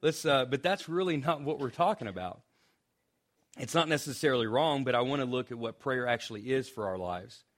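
A man's voice: mid-range voice, expressive, brisk. A young man preaching a sermon as pastor, speaking conversationally with restarts and joking asides.

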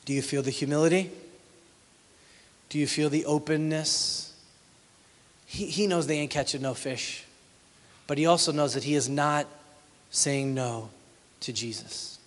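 A middle-aged man preaching a sermon, swinging from loud exclamations to hushed asides. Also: a little high, fairly even intonation, measured pace, pauses often. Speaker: pastor. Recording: long hall reverb.

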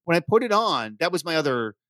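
A man's voice: on the high side, big pitch swings, fast talker, fairly bright tone, no room sound, studio quality. A man hosting a podcast, talking in a laid-back, chatty and enthusiastic way. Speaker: podcast host. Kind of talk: casual podcast chat.

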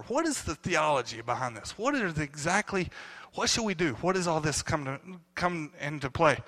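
A man with a high, bright voice preaches a sermon. He tells stories with animation and acts out the voices of the people in them. He sounds to be in his thirties. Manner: animated storytelling, acting out quotes. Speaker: pastor.

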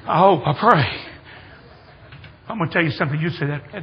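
An older man preaching a sermon in a church, telling folksy stories and building to excited shouts. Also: on the high side, brisk, pauses often, lo-fi sound, slight background noise. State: hard of hearing. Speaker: guest preacher. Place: church sanctuary.

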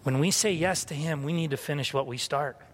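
Candid high-voiced male pastor in a hall. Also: fairly quick, slight background noise. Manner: candid, self-mocking storytelling. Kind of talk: sermon with personal story. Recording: long hall reverb.

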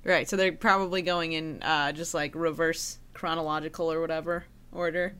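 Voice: mid-range voice, little pitch movement, normal speed, fairly bright tone, smooth. Upbeat enthusiastic podcast co-host. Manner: upbeat, enthusiastic, uses slang. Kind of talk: casual chat.

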